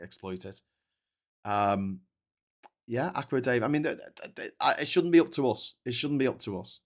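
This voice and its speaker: A man's voice: fairly low pitch, a bit bright. Rambling, chatty British male stream host. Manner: chatty, digressive, laughs often, stammering restarts. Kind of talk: casual live-stream chat, reading viewer comments.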